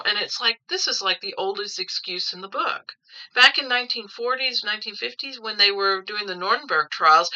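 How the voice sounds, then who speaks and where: Forceful, rambling woman reading tarot cards. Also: medium pitch, normal speed, muffled recording. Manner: rambling and opinionated, repeating words as she thinks. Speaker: tarot reader. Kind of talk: casual tarot reading commentary. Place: at home.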